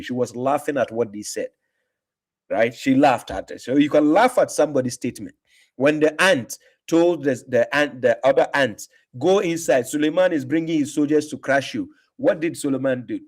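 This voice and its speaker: A man hosting a livestream, combative and mocking, repeating himself for emphasis. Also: medium pitch. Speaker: livestream host answering comments. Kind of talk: casual livestream talk.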